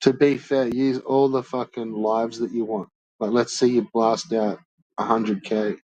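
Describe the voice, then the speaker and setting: A man's voice: medium pitch, little pitch movement, measured pace, darkish tone, dull audio, slight background noise. A man streaming and ranting to his chat in a blunt, profane, swear-filled way. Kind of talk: casual rant to chat.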